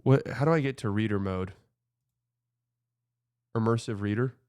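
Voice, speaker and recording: A man's voice: fairly low pitch, moderate pace, darkish tone, clean tone, no room sound, studio quality. A man hosting a casual sports reaction show, talking in a loose, profane, rambling way.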